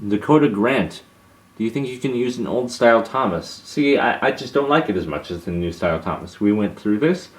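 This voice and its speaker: Young man, lowish voice, casual Q&A, hesitant, restarts sentences. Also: animated, a little fast. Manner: hesitant, many restarts and fillers. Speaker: channel host answering viewer questions. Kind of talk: casual Q&A monologue.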